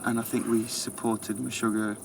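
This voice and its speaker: A man recalls a tour in a wistful, easy way, his speech loose with drink. He sits some way off the mic, and clear outdoor noise with crickets surrounds him. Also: on the low side, level tone, normal speed. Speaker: band member. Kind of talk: drunk casual chat. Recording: distant from the mic, noisy outdoors.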